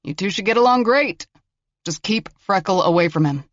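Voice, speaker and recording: A man's voice: high voice, expressive, normal speed, fairly bright tone, no room sound, dull audio, pitched above the performer's own voice. A man voicing a wry, exasperated federal agent in an audiobook, speaking in a dry way.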